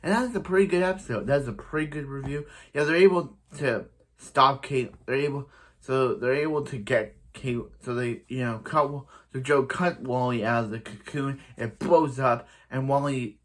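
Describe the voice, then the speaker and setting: Man reviewer, casual recap, rambling delivery, mid pitch, lots of false starts. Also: moderate pace, fairly bright tone. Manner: rambling, frequent restarts and "so yeah". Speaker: TV episode reviewer.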